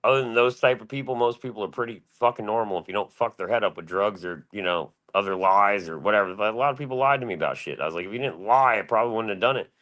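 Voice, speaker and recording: A man's voice: on the low side, fast talker, few pauses, a bit bright. A man around forty talking in a loose, rambling, profane way on a casual chat stream. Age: 40s. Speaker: panel guest.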